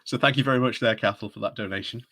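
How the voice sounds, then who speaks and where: A man's voice: fairly low pitch, very fast, sharp tone, slightly rough. A man hosting a casual live stream, chatty and often breaking into laughter as he talks. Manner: giggly, chatty, often laughing mid-sentence.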